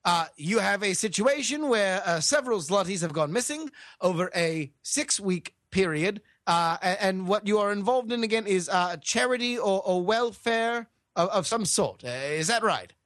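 A man's voice: high-pitched, animated, moderate pace, hardly any pauses, a bit bright, no room sound, studio quality. A man playing a pompous detective with a put-on British accent, formal and long-winded, full of hesitant "uh"s. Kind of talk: improvised comedy role-play.

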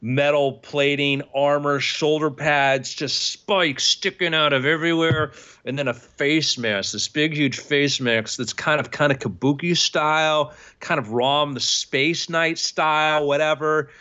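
A man's voice: a little high, unhurried, clean tone, muffled recording. A man acting as game master who describes scenes vividly and puts on voices for the characters. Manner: animated scene-setting with voices. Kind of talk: narrating a tabletop game.

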